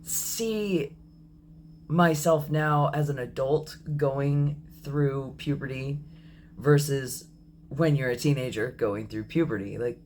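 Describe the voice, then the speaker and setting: A man in his thirties talking candidly in a personal video diary, reflective and apologetic, often pausing with ums and correcting himself. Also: mid-range voice, darkish tone, slight background noise. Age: 30s. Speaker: vlogger.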